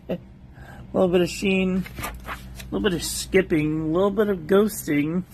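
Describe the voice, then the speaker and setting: A man's voice: high voice, fairly even intonation, moderate pace, a little mellow, a little hiss or hum. A man casually reviewing stationery on a livestream, listing paper traits in short clipped phrases and chatting with viewers between items. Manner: chats aside with live viewers.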